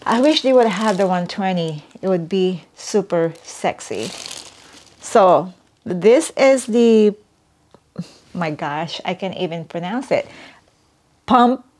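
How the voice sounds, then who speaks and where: A woman vlogger chatting casually as she unboxes a gift, excitable and giggly, gushing as she goes. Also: on the low side, slow, long pauses.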